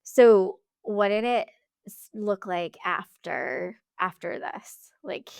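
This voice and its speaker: A woman's voice: medium pitch, takes it slowly, vocal fry, a little mellow, smooth, dry recording. A woman hosting an interview, who asks supportive follow-up questions and reflects back what her guest says. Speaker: podcast host.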